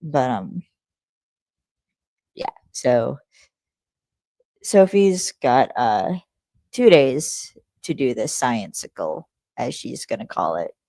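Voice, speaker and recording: A woman's voice: very deep voice, very animated, takes it slowly, long pauses, mellow, dry recording. A young adult woman hosting a podcast, recapping an episode in a rambling, casual way, swearing freely and correcting herself as she goes. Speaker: podcast host.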